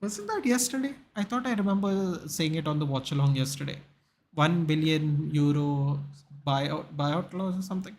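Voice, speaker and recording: A young man talks through a football match on a live stream in a loose, chatty way. His voice sits a little higher than most men's. He keeps reading out names and numbers and answering viewers by name. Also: darkish tone, slight background noise. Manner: chatty, reacts to chat and reads out names and stats. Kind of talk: casual watchalong chat with live chat.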